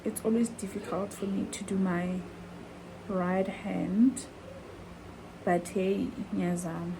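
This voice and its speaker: A woman's voice: mid-range voice, fairly even intonation, slow, noisy background. A woman chatting in a heartfelt, chatty way to her vlog viewers, calling them guys. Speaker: vlogger. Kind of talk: casual vlog chat.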